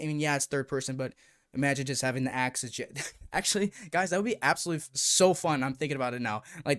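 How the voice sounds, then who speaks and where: A young man from the United States chatting on a live stream, excitable and rambling as he talks to his viewers. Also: a little high, smooth. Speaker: YouTube VR streamer. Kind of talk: casual live-stream chat.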